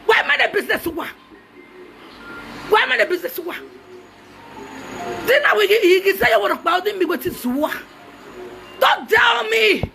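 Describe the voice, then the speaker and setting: A Nigerian woman shouts a mocking, heated rant, hopping between languages. Her voice sits very high, with a sharp, gravelly edge. She taunts as she goes. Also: lively intonation, normal speed, long pauses, faint music behind. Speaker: social media personality.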